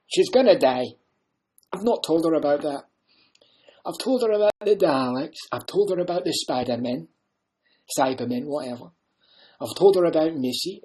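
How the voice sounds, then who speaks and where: A blunt, rambling Scottish time-traveller rants about his companions, as a man impersonates him. His pitch is raised and his voice carries a husky, airy grain. He talks loudly and goes off on tangents. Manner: rambling, blunt, loud bursts.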